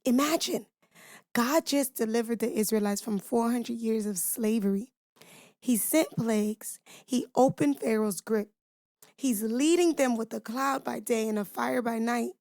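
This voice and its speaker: In studio quality with no echo, a woman with a fairly high, unhurried, darkish voice hosts a devotional podcast. She teaches scripture with an emphatic preaching rhythm, speaking informally straight to her listeners and asking them rhetorical questions.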